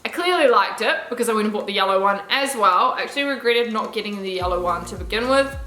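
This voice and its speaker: A woman's voice: mid-range voice, lively intonation, fast, bright, forceful tone, echoey room, faint music behind. A young woman, chatting casually and gushingly through a clothing try-on haul, swearing now and then. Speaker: fashion vlogger.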